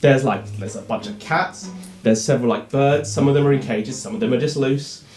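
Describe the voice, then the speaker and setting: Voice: mid-range voice, brisk, a little mellow. A game master, narrating a tabletop game in a giggly, rambling way. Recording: echoey room with music behind.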